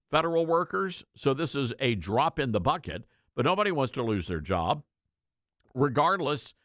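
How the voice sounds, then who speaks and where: A man's voice: mid-range voice, a bit bright, no room sound, studio quality. A man hosting a political talk radio show, commenting in a folksy, sarcastic, conversational way.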